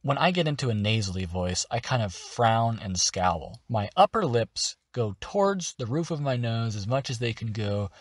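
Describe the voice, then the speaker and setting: A man's voice: mid-range voice, lively intonation, moderate pace, hardly any pauses, no echo, studio quality. A man hosting a voice-acting tutorial, explaining steps in an upbeat, encouraging way. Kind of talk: instructional narration.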